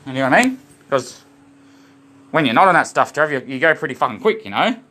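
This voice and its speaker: A man's voice: mid-range voice, very animated, fairly quick, long pauses, sharp tone. An Australian man rambling to camera, swearing constantly and spinning loose wordplay about emotion and love, often calling out to "boys". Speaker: vlogger.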